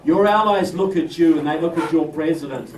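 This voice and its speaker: A man's voice: fairly high pitch, brisk, slight background noise. A man with a New Zealand accent giving an emphatic political speech to an audience, joking and calling them folks. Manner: emphatic, jokey, addresses crowd as folks. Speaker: guest speaker. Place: indoor event room. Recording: distant roomy mic with crowd.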